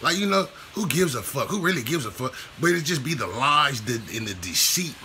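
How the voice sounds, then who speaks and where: A man's voice: mid-range voice, sing-song, brisk, pushed and bright, slight background noise. A man vlogging a casual commentary rant, profane and repetitive in his street slang.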